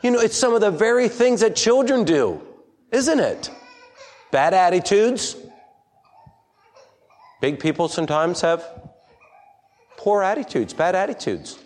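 A man's voice: sits high, animated, unhurried, long pauses, darkish tone. A man preaching an interactive sermon to a congregation, asking them questions and reading scripture aloud. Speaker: pastor.

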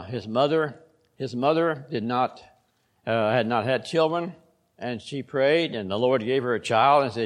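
An older man preaching a sermon and reading scripture aloud, earnest and repeating phrases for emphasis. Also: mid-range voice.

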